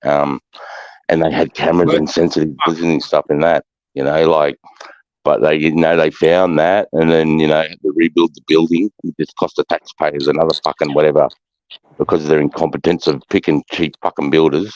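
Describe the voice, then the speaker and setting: A man's voice: very deep voice, flat delivery, brisk, dry recording, lo-fi sound. A man with an Australian accent, ranting in a casual live chat and swearing heavily. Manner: swearing, ranting, heats up into loud outbursts.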